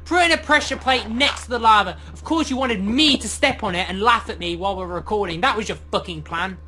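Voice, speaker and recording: Young man, high bright voice, sarcastic gaming banter, faint game music behind. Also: brisk. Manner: playfully sarcastic, mock-offended. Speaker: gamer co-host.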